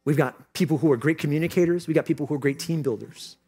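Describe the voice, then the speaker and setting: A male pastor preaching a conference sermon, moving between joking asides and loud, impassioned exhortation. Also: on the high side, fast, husky. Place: conference hall.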